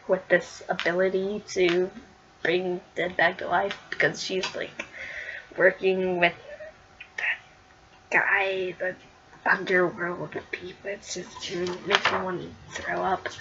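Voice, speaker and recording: A woman's voice: mid-range voice, a bit bright, dull audio, a little hiss or hum. A woman casually talking through a comic issue in a chatty vlog, full of fillers and giggles. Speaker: comic book reviewer.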